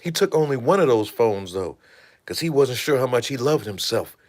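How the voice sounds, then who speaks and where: A man hosting a casual livestream, retelling events in an animated, profane storytelling manner and thanking viewers. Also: mid-range voice, normal speed. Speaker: host.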